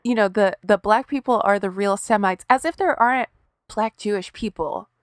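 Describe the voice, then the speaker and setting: A woman co-hosting a podcast, telling stories in a casual, profane, animated way. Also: mid-range voice, normal speed, no room sound. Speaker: podcast co-host. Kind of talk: casual chat.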